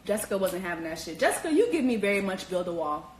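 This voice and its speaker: A woman giving a blunt, profane, animated comedic recap full of slang. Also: mid-range voice, fast talker, slight background noise. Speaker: vlogger recapping a reality show. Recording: echoey room.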